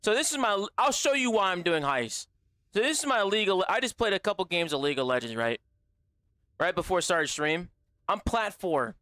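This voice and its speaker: Young male streamer, loose and profane banter, bright tone, dry close mic. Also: high-pitched, fairly quick, dry recording. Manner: animated, profane, slangy banter with chat. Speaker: gaming livestreamer. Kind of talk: casual stream chat with viewers.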